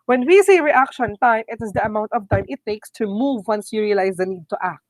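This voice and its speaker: A woman teacher with a Filipino accent giving a quick online review lecture, often checking in with "okay?" and slipping into Tagalog phrases. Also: mid-range voice, lively intonation, dry recording, rough recording. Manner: brisk, repeats "okay?" and "my dear students"; mixes English with Tagalog phrases.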